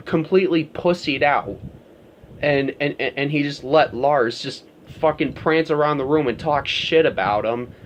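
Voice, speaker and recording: A man's voice: mid-range voice, a little hiss or hum. A man talking straight to his viewers in a casual, rambling rant, swearing often and filling his talk with "like" and "you know.". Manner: profane, rambling, heavy on fillers. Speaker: vlogger. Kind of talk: casual ranting monologue.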